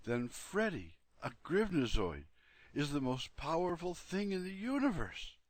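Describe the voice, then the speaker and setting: A man's voice: on the high side, very animated, a little slow, dry recording, pitched above the performer's own voice. A man voicing an earnest, curious young boy who asks a lot of questions.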